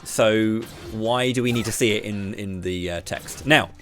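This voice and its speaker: A British man with a slight lisp, streaming live and ranting to his chat while throwing quick questions at viewers. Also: fairly low pitch, soft background music. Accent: British English. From Britain. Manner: ranty, talks straight to chat with quick questions.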